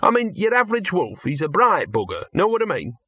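A man's voice: high-pitched, huge pitch swings, fairly quick, sharp tone, slightly rough, dry recording, lo-fi sound, pitched above the performer's own voice, exaggerated voice. A man voicing a scruffy, streetwise talking dog who grumbles and drawls in working-class dialect, read from an audiobook. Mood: musing.

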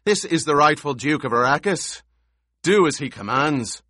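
Gruff loyal veteran warrior, blunt, deep voice, slow delivery, read by a male narrator. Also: animated, a bit bright, dry recording, studio quality. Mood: commanding.

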